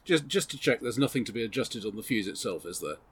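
A man's voice: lowish voice, expressive, quick pace, fairly bright tone, a little hiss or hum. A man playing in a tabletop game, stammering a little, with dry wit. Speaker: player. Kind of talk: tabletop role-play chat.

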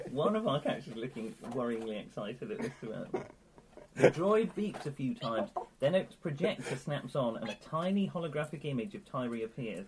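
A man's voice: mid-range voice, very animated, brisk, heavy background noise. Man narrating a tabletop game. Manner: reads scene narration and character messages, laughing often. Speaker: game master.

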